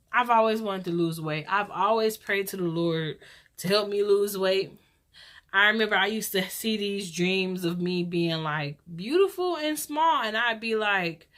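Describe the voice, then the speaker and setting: A woman in her twenties hosting a casual vlog, chatty and rambling, telling stories in a lively way. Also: mid-range voice. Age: 20s. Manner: chatty, rambling, lively storytelling with church talk. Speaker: vlog host.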